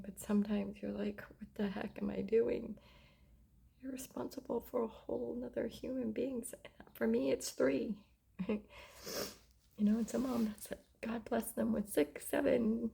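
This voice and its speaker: A middle-aged mother talking about faith and self-love in a casual vlog, often dropping into soft whispers. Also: fairly high pitch, fairly even intonation, measured pace, gravelly, slightly rough. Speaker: mother sharing reflections. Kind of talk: casual heartfelt vlog talk.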